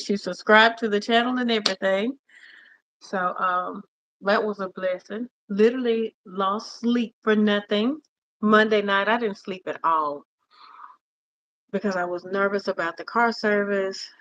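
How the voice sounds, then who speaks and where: A woman's voice: mid-range voice, fairly bright tone. A woman hosting a casual livestream, chatting affectionately with viewers and calling them honey and cousin. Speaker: livestream host. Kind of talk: casual live chat with viewers.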